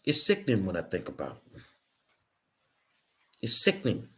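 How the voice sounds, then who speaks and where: A man's voice: low voice, huge pitch swings, moderate pace, pushed and bright. A middle-aged man hosting his own show, delivering an angry, emphatic monologue with hard repetition. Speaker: show host. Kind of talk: impassioned monologue.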